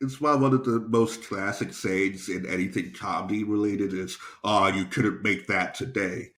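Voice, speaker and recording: A man's voice: on the low side, steady tone, normal speed, a bit bright. A man, a stand-up comedian co-hosting a podcast, rambling through a story in casual chat. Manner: rambling storyteller, acts out quotes.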